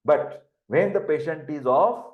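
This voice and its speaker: Through phone-quality sound, an older man with an Indian English accent lectures in an echoey room, his slightly high voice animated yet a little slow. He keeps repeating terms and spelling out words for dictation.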